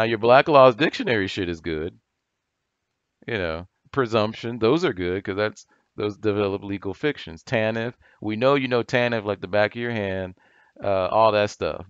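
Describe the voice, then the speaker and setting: A man's voice: fairly low pitch, clean tone, no echo. A man ranting to camera in a blunt, profane way, often asking "you know what I'm saying?", on a dull lo-fi recording. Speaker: channel commentator. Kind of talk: heated rant to camera.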